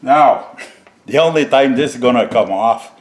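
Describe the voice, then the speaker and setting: A man's voice: medium pitch, lively intonation, normal speed. A middle-aged man chuckling as he chats to viewers while showing a home repair. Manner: chuckling often, chatty, addresses viewers as folks. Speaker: DIY vlogger. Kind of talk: casual home-project demo.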